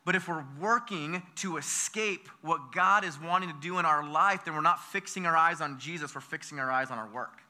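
High, bright-voiced preacher man. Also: moderate pace, few pauses. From United States. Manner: energetic, with call-and-response questions to the congregation; repeats words and restarts phrases. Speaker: pastor. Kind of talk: sermon.

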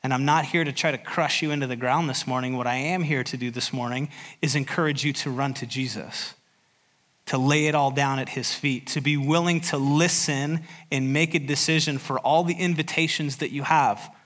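A man's voice: mid-range voice, fairly even intonation, normal speed, a bit bright. A male pastor preaching a sermon at a church service, earnest, driving points home by repeating phrases.

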